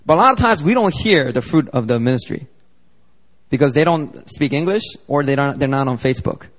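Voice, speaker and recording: A pastor preaching a sermon, telling a story animatedly and acting out the dialogue. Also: male voice, mid-range voice, animated, a little fast. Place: church sanctuary. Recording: long church hall reverb.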